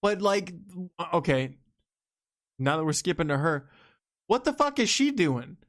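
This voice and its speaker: A man's voice: on the high side, big pitch swings, measured pace, fairly bright tone. A man co-hosting a casual movie podcast, ranting in an exasperated, incredulous way. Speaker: podcast co-host. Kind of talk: casual film discussion.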